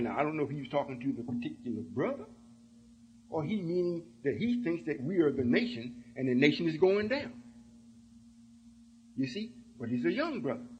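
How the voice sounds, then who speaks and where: A man's voice: high voice, highs cut off, a little hiss or hum. A man giving an emphatic sermon-style talk to his followers, often checking that they understand. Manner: emphatic, keeps asking "you see?". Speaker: religious speaker.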